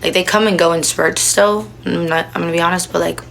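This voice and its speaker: Low, gravelly young woman confiding. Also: fairly even intonation, quick pace, a bit bright, a little hiss or hum, poor audio. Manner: rambling, emotional, many fillers. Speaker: livestreamer. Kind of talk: confessional casual talk. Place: home. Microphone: phone.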